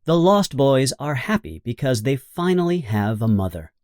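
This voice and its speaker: A man reading a children's storybook aloud in a slow, simple, expressive narration. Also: mid-range voice, no room sound, clean studio sound. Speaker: audiobook narrator.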